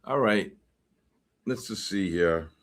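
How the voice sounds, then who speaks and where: A man from the Bronx, hosting a live futures trading stream and reacting excitably to the market while greeting viewers. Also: fairly low pitch, takes it slowly. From the Bronx, New York. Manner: excitable, greets chat names in bursts. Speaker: host and futures trader.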